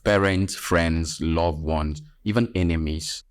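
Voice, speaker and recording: A Nigerian man with a very low voice hosts a health podcast, stressing his points and teasing listeners. He sounds close and dry, with no room around him. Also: steady tone, slow pace, no room sound. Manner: emphatic, preachy, teasing asides. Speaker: podcast host and nurse.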